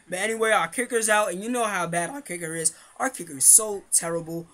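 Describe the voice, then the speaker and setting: High-voiced young man chatting over gameplay. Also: fast, hardly any pauses, sharp tone. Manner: chatty, rambling, hypes his team and slams his kicker; chewing gum while talking. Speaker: gaming commentator. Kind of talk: casual gameplay commentary.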